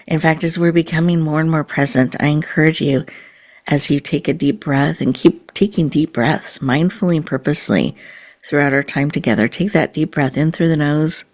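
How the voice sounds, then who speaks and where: A woman hosting a podcast, leading listeners through a slow, soothing mindfulness and breathing exercise. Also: sits low, darkish tone. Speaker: podcast host.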